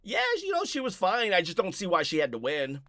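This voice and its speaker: A man with a high voice hosts a casual live stream from home, rambling through viewer comments with many restarts. He sounds a little out of breath, and the sound is dry and close. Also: wildly swooping pitch, fairly quick, pushed and bright, no echo. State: a bit out of breath. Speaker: live-stream host reading chat.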